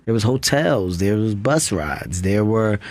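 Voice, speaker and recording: A man's voice: fairly low pitch, lively intonation, measured pace, a little mellow, dry recording. A man in his thirties, a guest comedian, telling earnest stories in a casual studio interview. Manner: earnest storytelling. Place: radio studio. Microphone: studio mic.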